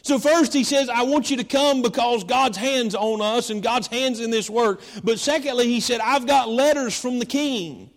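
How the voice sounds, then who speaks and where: Male pastor, sermon, high voice, repetitive emphatic preaching, church reverb. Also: moderate pace, hardly any pauses.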